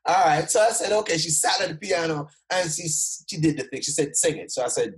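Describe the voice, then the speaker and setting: A man's voice: fairly high pitch, sing-song, brisk, few pauses, poor audio. A man from Jamaica, a motivational speaker, telling his life story as an interview guest. He talks energetically, acts out the people he quotes, and uses many fillers and restarts. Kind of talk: animated personal storytelling in an interview.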